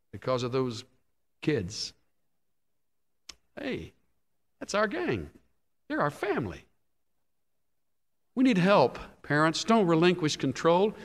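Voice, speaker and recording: A male pastor preaching a sermon, emphatic, rising and dropping sharply in loudness and pitch. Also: in a large hall.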